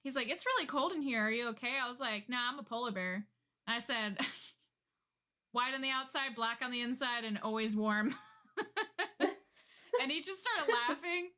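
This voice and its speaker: Bright, lively-voiced woman telling stories. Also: a little high, moderate pace, long pauses. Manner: animated storytelling, frequent laughter. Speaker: podcast co-host. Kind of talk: casual chat.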